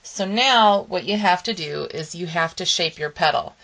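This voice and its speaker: Losing her voice and clearing her throat, a crafting channel host chats her way through a relaxed papercraft tutorial with frequent ums and okays. She speaks at a normal speed in a fairly low, fairly bright voice, captured in a low-quality recording.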